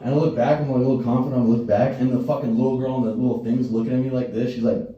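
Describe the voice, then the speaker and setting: Racing through his set with fairly even intonation, a young male comedian speaks in a medium-pitched voice before a live comedy-stage audience. He spins crude, profane stories and performs the voices of the people in them. The lo-fi audio sounds distant and roomy, with faint music behind.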